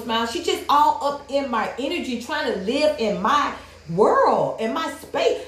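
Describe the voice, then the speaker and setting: A woman's voice: a little high, very animated, normal speed. A woman hosting a livestream, ranting in a blunt, profane, heated way to her viewers. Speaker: livestream host. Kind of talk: casual livestream rant. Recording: roomy echo.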